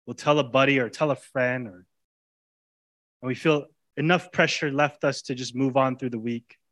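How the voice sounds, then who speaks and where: A man in his thirties, a pastor preaching with passion, his colloquial talk swinging from loud urging to hushed intimacy. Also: mid-range voice, steady tone, normal speed. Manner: colloquial preaching, casual grammar. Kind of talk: sermon.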